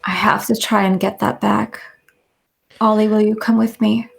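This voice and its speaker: A woman's voice: mid-range voice, flat delivery, moderate pace, vocal fry, poor audio. A woman playing in character in a tabletop game, hesitant and unsure. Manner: hesitant, uncertain. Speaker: player.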